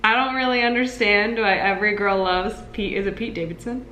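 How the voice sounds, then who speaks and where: A woman co-hosting a podcast in casual chat, upbeat and agreeable, with frequent quick yeahs. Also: medium pitch, bright, forceful tone. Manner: upbeat, agreeable, quick back-channel "yeah"s. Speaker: podcast co-host. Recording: echoey room with faint noise.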